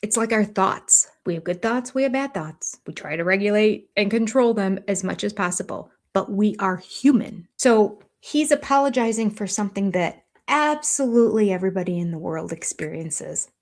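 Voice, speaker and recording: An older woman giving deliberate, analytical commentary as a host, with a dryly sarcastic edge. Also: medium pitch, expressive.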